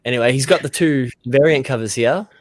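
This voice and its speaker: A man's voice: medium pitch, brisk, no echo. A man from Australia, co-hosting a casual livestream chat with a teasing, laughing manner.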